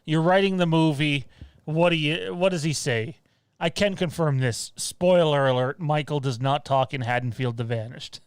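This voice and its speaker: A man's voice: fairly high pitch, moderate pace, smooth, no room sound. A man hosting a casual live-stream chat, rambling with frequent laughs and restarts. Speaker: podcast host.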